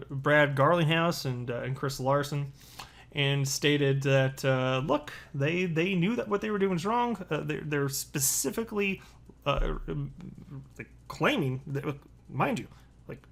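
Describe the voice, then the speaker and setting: A man's voice: a little high, vocal fry. A man hosting a casual crypto commentary video, reading tweets and headlines with sarcastic asides. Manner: sarcastic, animated, lots of asides.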